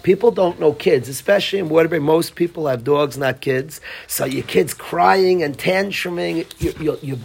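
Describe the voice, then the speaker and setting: A middle-aged man, a rabbi, giving a Torah lecture to a congregation, telling stories with animated delivery and scattered Hebrew and Yiddish terms. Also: a little high, normal speed, gravelly, hardly any pauses, husky.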